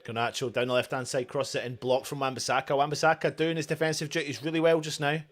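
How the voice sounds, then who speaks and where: A man's voice: mid-range voice, level tone, fast. A man hosting a live fan watchalong of a football match, commentating on the play as it happens and cheering his team. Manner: shouting, chanting, celebrating goals.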